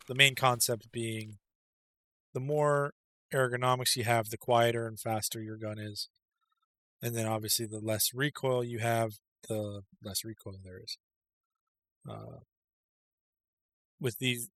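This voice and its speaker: A game guide creator narrates a casual, rambling video game tutorial in a lowish, slightly bright male voice. His voice-over is heavy with fillers, full of ums and uhs.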